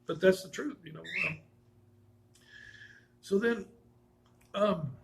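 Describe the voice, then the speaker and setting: A man with a gravelly, fairly high voice tells his own stories in a loose, casual way. He wanders, restarts sentences and corrects himself, chuckling now and then as he talks. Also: slow, background noise. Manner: rambling, with frequent restarts and self-corrections; chuckles while telling stories. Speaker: vlogger telling personal stories. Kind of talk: casual personal storytelling.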